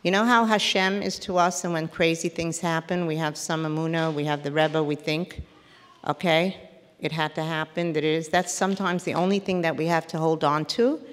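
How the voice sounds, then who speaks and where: A woman therapist giving a parenting lecture to a live audience, animated and acting out little scenes as she teaches. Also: low voice, brisk, few pauses, long reverb tail. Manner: animated, acts out little scenes with quoted voices.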